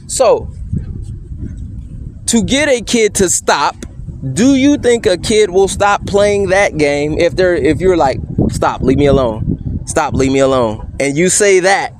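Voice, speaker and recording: High-voiced man pressing pointed questions. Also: slight background noise. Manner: pointed leading questions, repeatedly asking "correct?"; measured, insistent. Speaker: person questioning a police officer. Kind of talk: courtroom-style cross-examination.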